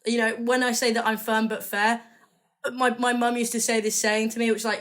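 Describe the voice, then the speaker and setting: A woman's voice: a little high, flat delivery, a little fast, fairly bright tone. Chatty woman, enthusiastic. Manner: rambling, enthusiastic, self-correcting. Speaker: magazine editor guest. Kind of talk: casual interview chat.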